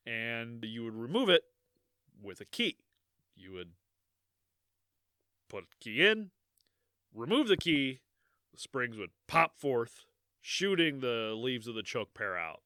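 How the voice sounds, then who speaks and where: A man co-hosting a podcast, telling a dark history in a joking, rambling way and laughing often. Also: medium pitch, no echo, clean studio sound. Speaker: podcast co-host. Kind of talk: casual podcast chat.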